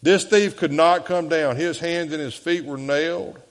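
A pastor with a Southern US accent preaches a sermon in a church sanctuary, earnestly alternating between raised appeals and hushed, slow quotations. His voice is on the high side, and a long reverb tail follows it.

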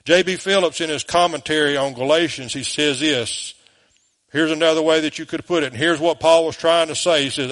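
A man's voice: on the high side, fairly quick, a bit bright. A man with a Southern US accent, preaching a sermon as pastor, emphatic and full of rhetorical questions, in a church.

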